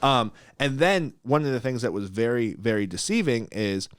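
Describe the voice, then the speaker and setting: A man hosting a podcast, telling a story in a blunt, animated way, acting out quotes and laughing often. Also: mid-range voice, moderate pace, clear, resonant tone, dry recording, clean studio sound. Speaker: podcast host. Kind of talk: casual storytelling.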